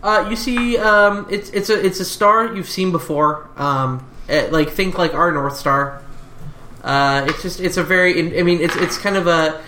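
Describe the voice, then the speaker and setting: Halting game master in an echoey room. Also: male voice, sits high, steady tone, bright, forceful tone, a little hiss or hum. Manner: halting, filler-heavy, quick rulings. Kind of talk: narrating a tabletop game.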